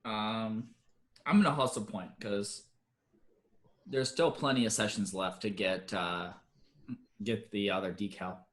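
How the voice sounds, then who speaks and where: A man playing in a tabletop game, speaking in a slow, laid-back, casual way. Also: on the low side, a bit bright. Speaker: player.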